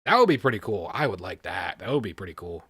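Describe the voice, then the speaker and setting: An excitable man hosts a live stream and reacts as the picks come in. His voice sits low, and he keeps repeating himself and talking to his chat. The sound is dry and close, with no room around it. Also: fast talker, breathy edge, no echo. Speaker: livestream host reacting to a draft.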